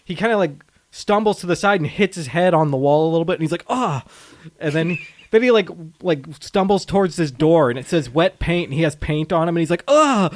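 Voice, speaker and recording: A man co-hosting a movie podcast, retelling scenes in a casual, animated way and laughing often. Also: a little high, quick pace. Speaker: podcast co-host.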